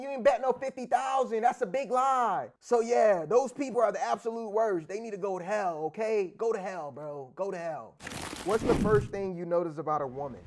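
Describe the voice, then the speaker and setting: Gravelly high-voiced man, animated and profane. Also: moderate pace. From Africa. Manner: animated, profane slang, acts out dialogue in other voices. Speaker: interview guest, sports bettor. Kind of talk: casual storytelling chat.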